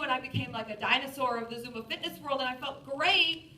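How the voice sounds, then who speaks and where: A woman in her forties telling a self-mocking story to an audience in a lively, animated way. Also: high-pitched, fairly quick, a little hiss or hum. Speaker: speaker. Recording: roomy, distant from the mic.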